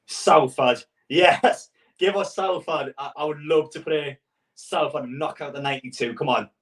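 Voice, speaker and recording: A man's voice: on the high side, normal speed, recorded from a distance. A man reacting live to a cup draw as a football fan, exasperated and swearing, rambling with stutters.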